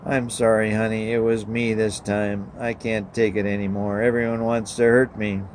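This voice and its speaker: Despairing teen girl, man reads her, pleading, low voice, faint room noise. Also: flat delivery, moderate pace, lightly acted. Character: miserable teenage girl, self-pitying and despairing.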